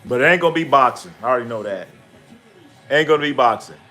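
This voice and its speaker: A man's voice: mid-range voice, fast talker, soft background music. A man hosting a live sports stream, chatting casually and profanely, telling stories and reading out chat names. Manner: animated when acting out stories. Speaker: livestream sports host. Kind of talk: casual live commentary and storytelling.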